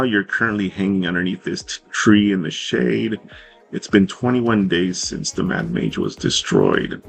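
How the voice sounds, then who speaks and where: A man narrating a tabletop game as game master, in a relaxed, rambling way with fillers and self-corrections. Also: on the low side, creaky, slightly rough.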